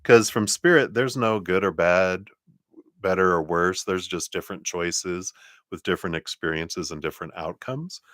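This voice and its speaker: Deep-voiced chatty man reading tarot. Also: normal speed, no echo, studio quality. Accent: slight Southern drawl. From Colorado, USA. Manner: chatty, rambling, with soft laughs and brief muttering asides. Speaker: tarot reader. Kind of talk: live-stream tarot reading.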